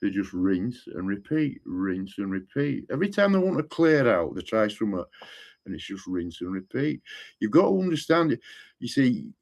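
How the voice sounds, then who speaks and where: A man's voice: lowish voice, sing-song, moderate pace, darkish tone, dull audio. A man, rambling in casual chat and often repeating the same stock phrase. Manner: rambling, repeats "what I'm saying to you".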